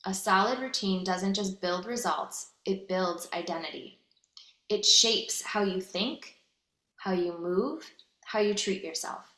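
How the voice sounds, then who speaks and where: A woman's voice: mid-range voice, a bit bright, reverberant, low-quality recording. A woman in her thirties co-hosting a podcast, chatty and giggly, shy about swearing, reading a motivational passage aloud. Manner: giggly, modest, avoids swearing. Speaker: podcast co-host. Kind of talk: casual chat and read-aloud.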